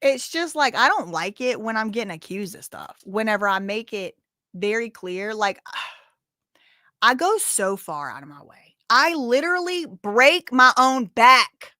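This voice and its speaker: Lady on a livestream, bright voice, dry close sound, sassy and blunt. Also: medium pitch, animated, a little slow, no echo. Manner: sassy, blunt, talks straight to chat. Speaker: livestream host. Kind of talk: casual livestream commentary.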